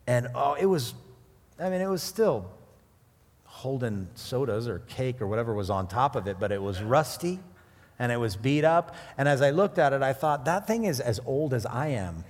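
A man preaching a sermon, mixing scripture with animated personal stories and jokes. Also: medium pitch, normal speed. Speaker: pastor. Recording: long hall reverb.

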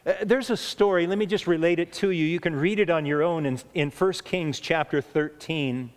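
Male preacher, earnest sermon, slightly high voice, long hall reverb. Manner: earnest, emphatic, slows down for key points.

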